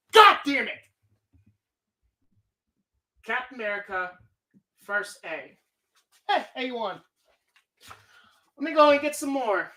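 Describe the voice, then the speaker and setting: A woman's voice: high-pitched, fairly bright tone. A woman hosting a live stream, talking casually in a rambling, profane way. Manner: rambling, heavy swearing. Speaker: streamer host.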